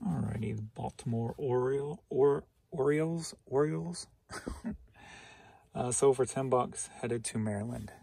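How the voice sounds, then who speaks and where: Tired, gravelly-voiced man rambling slowly. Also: medium pitch, warm tone. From St. Louis, Missouri. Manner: rambling, self-mocking, laughs to himself. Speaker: reseller vlogger. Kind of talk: casual solo vlog.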